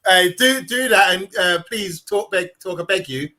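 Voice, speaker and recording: High bright guy, teasing his mates, casual chat. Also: moderate pace. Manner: teasing, eager, laughs a lot. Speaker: co-host friend on stream.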